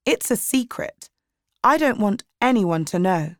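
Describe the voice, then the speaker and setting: Woman reader doing a popular teen girl, higher and slow, dry close read. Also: animated, no room sound. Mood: light. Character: teenage schoolgirl, popular, guarded and teasing.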